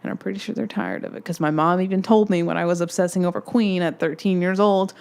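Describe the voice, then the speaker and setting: Smooth-voiced young woman, excitable storyteller. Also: lowish voice, fast. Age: 20s. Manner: excitable, rambling fan storytelling. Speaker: podcast host. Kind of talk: casual solo podcast storytelling.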